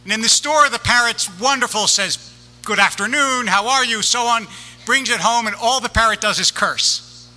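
A rabbi delivers a sermon with wry comic timing and a high, very bright voice. His words echo through a long, reverberant sanctuary. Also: normal speed, faint music behind.

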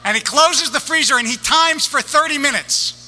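A rabbi delivers a sermon with wry comic timing and a high, very bright voice. His words echo through a long, reverberant sanctuary. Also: normal speed, a little hiss or hum.

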